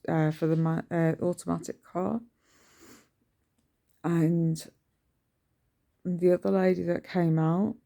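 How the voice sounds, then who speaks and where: A middle-aged woman chats in a rambling early-morning vlog from indoors at home, filling it with ums and restarts. Her voice sits low and sounds creaky and dark.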